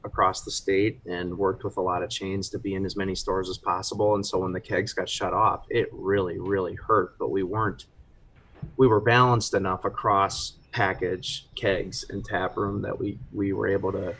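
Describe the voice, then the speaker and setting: A man co-owning a brewery, talking casually on a live stream in a relaxed way with many restarts. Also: sits low, moderate pace, slight background noise. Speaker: brewery co-owner.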